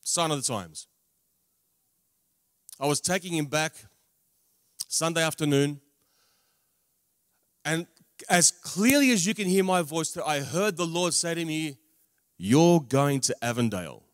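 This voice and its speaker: Male preacher with a fairly high voice, dramatic emphasis and wry humor. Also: expressive, dry recording, clean studio sound. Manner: dramatic swings in loudness, drawn-out emphatic words; humorous asides. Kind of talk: testimony sermon. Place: large camp meeting venue.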